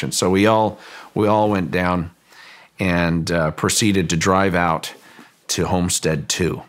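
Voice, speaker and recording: A man being interviewed who recounts a story in a halting way and often repeats words as he goes. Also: deep voice. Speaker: guest, ranch owner recounting a story.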